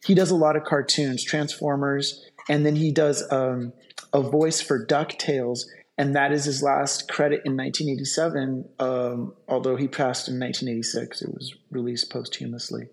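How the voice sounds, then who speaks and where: A man's voice: mid-range voice, level tone, moderate pace. A man co-hosting a casual podcast, enthusiastically reading out actor trivia. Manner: enthusiastic, reads trivia aloud. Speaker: podcast co-host.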